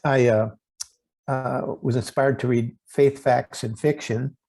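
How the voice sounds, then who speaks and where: A man hosting a relaxed interview over a video call, his voice gravelly and husky with a dark, mellow tone. He talks haltingly, stopping to restart his sentences. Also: medium pitch, poor audio. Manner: halting, with many restarts and fillers. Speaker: host. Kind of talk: casual interview chat.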